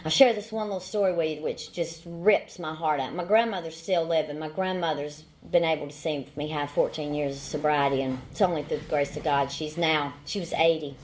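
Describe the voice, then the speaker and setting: A woman's voice: deep voice, fairly even intonation, fairly quick, few pauses. A woman in her forties with a Southern American accent, sharing her recovery story at a meeting in a folksy, humorous way. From Southern United States. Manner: folksy storytelling with repeated phrases and dry humor. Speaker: AA speaker. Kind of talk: recovery testimony talk.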